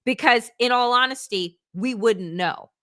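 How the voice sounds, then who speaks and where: Woman host, bright clear voice, dry close sound, heated but chatty, reads headlines aloud. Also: fairly high pitch, a little slow, dry recording. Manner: impassioned, conversational, reads news aloud. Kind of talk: live political talk show.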